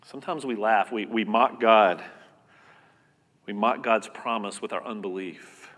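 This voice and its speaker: A man preaching a sermon as pastor, earnest and conversational, repeating words and swinging between loud and soft. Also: on the low side, a little slow. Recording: long reverb of a hall.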